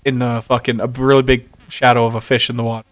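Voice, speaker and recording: A man's voice: mid-range voice, little pitch movement, quick pace, rough recording. A man narrating as game master of a tabletop game, laid-back, swearing casually and chuckling as he describes the scene.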